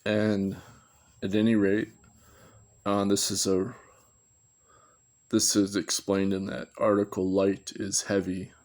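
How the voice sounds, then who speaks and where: A man's voice: lowish voice, monotone, slow, pauses often, darkish tone. A man giving a rambling, unscripted commentary, thinking aloud and correcting himself as he goes. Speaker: video commentator.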